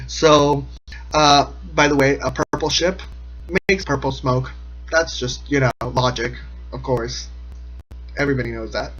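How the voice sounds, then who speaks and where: A man's voice: medium pitch, fairly even intonation, measured pace, pushed and bright, soft background music, rough recording. A man giving a casual, rambling comedic recap of a cartoon episode, sarcastic and often laughing. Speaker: episode commentator.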